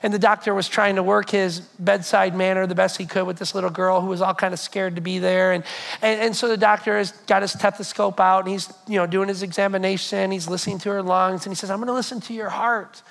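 A man's voice: sits high, quick pace, vocal fry. A man preaching a sermon as pastor, telling stories and speaking directly to his congregation. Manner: storytelling, animated, addresses congregation directly.

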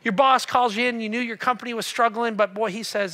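A male pastor delivers a sermon in a very high, bright voice. He tells the story with animated energy, swinging between loud passages and hushed ones. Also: fairly quick.

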